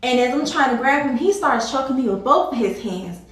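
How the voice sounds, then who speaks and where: A woman's voice: high voice, expressive, brisk, a bit bright, recorded from a distance. Emphatic woman vlogger in an echoey room. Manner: emphatic and repetitive, often addressing viewers directly. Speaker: vlogger telling a personal story. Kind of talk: casual storytime to viewers.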